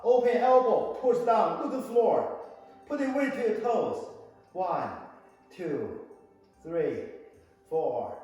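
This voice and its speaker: High-voiced man coaching in an echoey hall. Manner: counts out reps and gives short commands, teasing students. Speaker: qigong instructor. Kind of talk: online exercise class instruction. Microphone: video call. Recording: very echoey hall, voice from far off, faint music.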